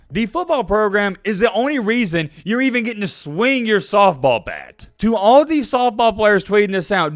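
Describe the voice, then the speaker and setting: A man's voice: a little high, a bit bright, no room sound, studio quality. A man vlogger delivering a blunt, dismissive opinion rant about college sports to his channel's viewers.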